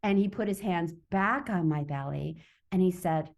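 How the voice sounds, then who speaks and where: A woman's voice: fairly low pitch, a little fast, vocal fry, hardly any pauses. A woman guest in an interview, telling a personal story and acting out her own inner voice, heard over a video call. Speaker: summit guest, author.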